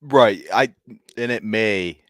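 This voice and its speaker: A man's voice: lowish voice, slow, fairly bright tone, no echo. A man co-hosting a comedy podcast, trading crude jokes in a dry, casual way. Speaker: podcast co-host.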